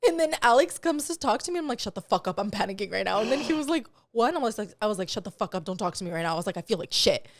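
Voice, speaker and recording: A woman co-hosting a podcast in casual chat, telling an animated, profane story full of acted-out quotes into a close mic. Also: medium pitch, racing, few pauses, no echo. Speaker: podcast co-host.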